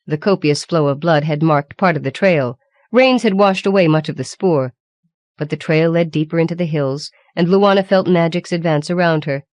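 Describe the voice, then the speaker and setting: A woman narrates a fantasy audiobook with a deep, low voice for a woman. Her reading is measured and even, recorded dry and close with no room sound. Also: no echo. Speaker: audiobook reader. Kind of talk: scripted narration.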